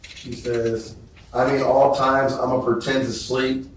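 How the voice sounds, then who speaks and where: A man on the witness stand reads messages aloud slowly, his delivery flat and unhurried. He sounds far from the microphone, with heavy courtroom echo around him. A faint hiss sits under the recording. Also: mid-range voice. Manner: slow, flat, measured reading. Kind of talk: courtroom testimony, reading text messages aloud. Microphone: distant courtroom microphone. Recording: echoey courtroom audio from far off with faint noise.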